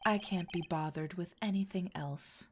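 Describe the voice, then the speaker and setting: A woman's voice: fairly low pitch, normal speed, background noise, natural voice. Woman doing a curt, icy producer lady. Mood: dismissive. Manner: curt, disdainful, clipped. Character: aloof, cold woman film producer. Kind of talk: reading game dialogue aloud.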